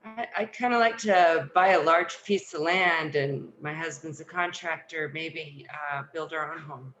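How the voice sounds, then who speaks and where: A woman's voice: low-pitched, a little slow, a bit bright, reverberant, dull audio, slight background noise. A woman in a training class, taking part in a role-play as a home seller and answering in a hesitant, casual way. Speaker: class participant playing a seller.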